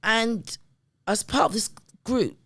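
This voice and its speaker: A middle-aged woman, a guest, telling stories in an emphatic, animated way and often checking in with her listener. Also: fairly high pitch, slow pace, breathy edge, no echo. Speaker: guest, community development worker. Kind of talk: conversational storytelling.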